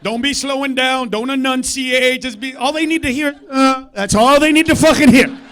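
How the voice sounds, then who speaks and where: Stand-up comic, man, very high voice; rowdy, foul-mouthed, veers from shouted bits to muttered asides on a club stage. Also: moderate pace, soft background music. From United States. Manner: loud, profane, swings between shouting and muttering asides. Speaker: stand-up comedian. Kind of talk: stand-up comedy set.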